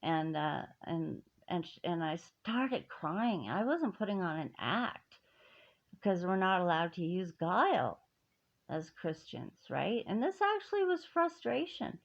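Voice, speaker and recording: A woman's voice: fairly low pitch, very animated, unhurried, vocal fry. Indignant middle-aged woman, dull lo-fi audio. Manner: emphatic and indignant, full of restarts. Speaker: vlogger telling a personal grievance. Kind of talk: personal story, speaking to camera.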